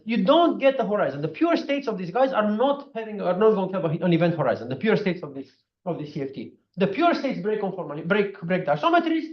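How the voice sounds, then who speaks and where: A man giving a physics seminar talk, animated and full of fillers like "you know". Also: high voice, fast talker. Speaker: physics speaker. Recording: echoey room, dull lo-fi sound.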